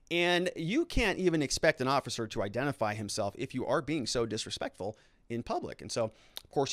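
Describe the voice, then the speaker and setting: A man's voice: medium pitch, dry recording, clean studio sound. A man giving casual legal commentary as a lawyer, talking in a loose, conversational way with sarcastic asides.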